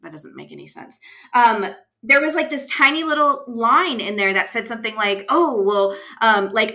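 A woman's voice: fairly high pitch, normal speed. A woman from the West Coast co-hosting a podcast, chatting casually with lots of fillers. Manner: chatty, many fillers, animated retelling. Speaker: podcast co-host. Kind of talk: casual chat.

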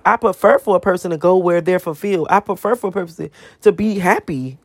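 A woman vlogger rants to camera, emphatic and profane, firing off one rhetorical question after another. Her voice is on the low side and a little fast, and the recording is dry.

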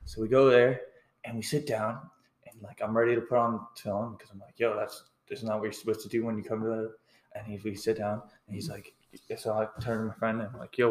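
A man's voice: fairly low pitch, fast. A young man casually telling a story in a loose, chatty way. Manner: loose, chatty, laughs easily. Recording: echoey room.

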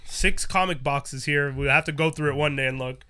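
A man hosting a casual podcast chat with friends, animated and laughing often. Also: a little high, normal speed. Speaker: podcast host.

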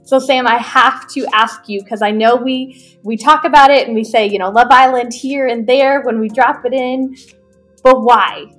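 A woman's voice: a little high, normal speed, a bit bright, soft background music. Giggly woman co-hosting a podcast. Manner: giggly, teasing. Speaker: podcast producer and co-host. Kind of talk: casual podcast chat.

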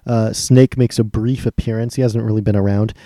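A young man co-hosting a podcast, casually recapping a TV episode with deadpan teasing. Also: lowish voice, fairly quick, dry recording, studio quality. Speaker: podcast co-host.

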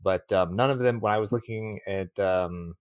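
An enthusiastic man from Canada with a low voice, rambling through stories as a movie podcast co-host. His voice is picked up close and dry, with nothing of the room behind it. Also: normal speed, clean tone, no room sound. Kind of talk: casual chat.

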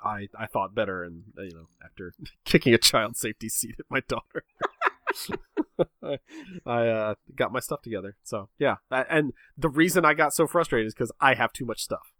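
A man's voice: mid-range voice, expressive, moderate pace, sharp tone, no echo. A man chatting casually, rambling and self-mocking as he tells a story about himself. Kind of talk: casual chat, telling a story.

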